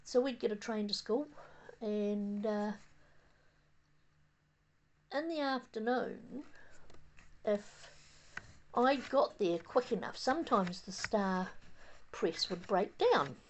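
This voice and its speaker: An older woman from New Zealand with a New Zealand accent, reminiscing in a casual, rambling monologue outdoors on a windy day, halting often with fillers and restarts. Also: mid-range voice, expressive. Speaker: vlogger.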